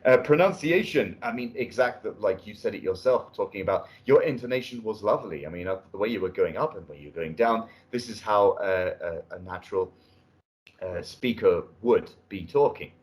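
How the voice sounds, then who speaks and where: A British man with a fairly low voice gives spoken feedback on a mock exam. He sounds encouraging and restarts his phrases often. He is recorded indoors at a language school. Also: lively intonation, fairly quick. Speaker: speaking test examiner. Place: indoor room at a language academy.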